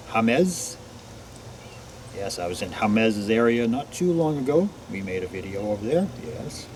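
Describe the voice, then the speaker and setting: A man vlogging outdoors in a forest, greeting unseen listeners one by one and answering for them in a quieter voice. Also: on the low side, slight background noise. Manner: greets each name, then answers himself in a quieter voice. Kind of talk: casual talk to unseen listeners.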